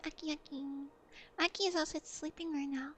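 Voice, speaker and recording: A woman streamer in casual livestream chat, playful and chatty as she answers her chat, often dropping to a soft, quiet voice. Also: high-pitched, steady tone, fairly quick, a little hiss or hum.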